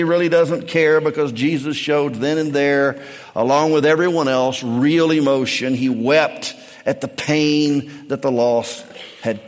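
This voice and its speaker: A male pastor preaching a sermon, swinging from quiet, low reflection up to shouted climaxes. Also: steady tone, a little slow, in a large hall. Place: church sanctuary.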